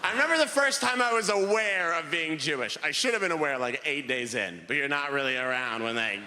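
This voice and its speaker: Animated young stand-up comedian man. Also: a little high, a little fast, slight background noise. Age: young adult. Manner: animated storytelling, acting out characters in bursts. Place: comedy club stage before a live audience. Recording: live venue with long hall reverb and faint ambience.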